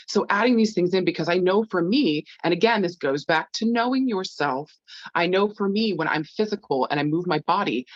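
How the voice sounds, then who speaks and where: A woman with a deep voice, talking in a blunt, profane and animated way during a casual chat. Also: no echo, muffled recording. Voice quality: deep, low voice. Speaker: medium and guest.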